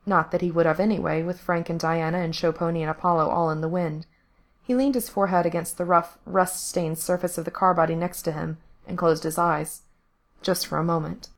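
A woman narrating a story aloud at a steady, measured pace. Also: lowish voice.

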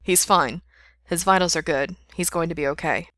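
A woman's voice: lowish voice, normal speed, fairly bright tone, no room sound, natural voice. Woman voicing an earnest young male nurse. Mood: reassuring.

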